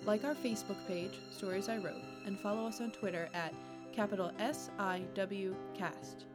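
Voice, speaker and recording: A woman hosting a podcast, reading a measured, earnest scripted sign-off. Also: medium pitch, steady tone. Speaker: podcast host. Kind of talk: scripted announcement. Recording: loud background music.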